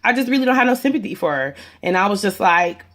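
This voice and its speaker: A woman's voice: medium pitch, expressive, fast talker, fairly bright tone. A woman giving a casual opinion recap to camera, blunt, sassy and full of swearing. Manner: blunt, profane, sassy, chatty. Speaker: reality TV recap vlogger. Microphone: camera mic.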